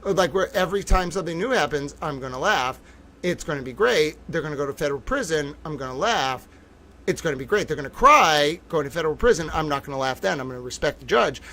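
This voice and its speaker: A man hosting a livestream as a reporter, giddy and sarcastic with loud profane outbursts. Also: on the high side, animated, quick pace, a little hiss or hum. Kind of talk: ranting livestream commentary.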